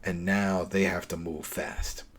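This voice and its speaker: Male podcast co-host, somewhat deep, lively and chatty, recaps with quick laughs. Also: a loud crowd. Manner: animated, laughing, retelling scenes with rhetorical questions. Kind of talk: casual episode recap chat.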